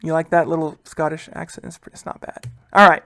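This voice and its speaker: A man's voice: a little high, little pitch movement, gravelly, pushed and bright, dry recording. Casual man teaching history, dry sound. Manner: casual, keeps addressing listeners as guys; acts out historical figures in quick asides. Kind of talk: recorded history lecture.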